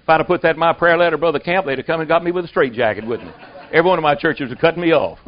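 A man with a fairly high voice preaching a sermon, telling stories in a plain folksy way. The recording is dull and lo-fi, with muffled highs. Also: racing. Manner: folksy storytelling.

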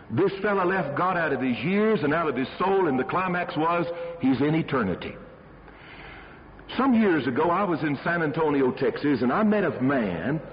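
Dramatic high-voiced male preacher. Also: slight background noise. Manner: dramatic, emphatic storytelling. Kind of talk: sermon storytelling. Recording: dull sermon recording with long hall reverb.

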